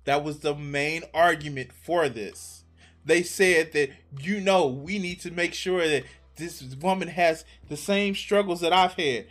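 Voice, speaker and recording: Exasperated streamer with a high voice. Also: male voice, measured pace, a bit bright, soft background music. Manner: exasperated, profane, talks back to the clip. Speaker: streamer reacting to a debate clip. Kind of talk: casual reaction commentary.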